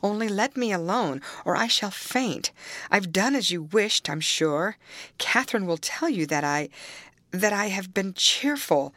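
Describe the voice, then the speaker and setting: A woman's voice: mid-range voice, expressive, unhurried, a bit bright, no room sound. A woman reading the part of a frail, frightened young man who pleads and pants, in an audiobook. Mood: pleading. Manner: panting, pleading.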